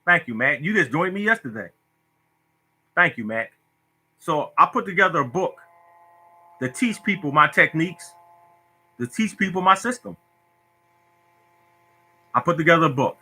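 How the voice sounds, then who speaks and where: Talking lottery tips on a casual phone livestream for Facebook, a man preaches, repeats himself and gets emotional. His slightly high voice is animated, sharp and a bit rough, at a moderate pace with frequent pauses.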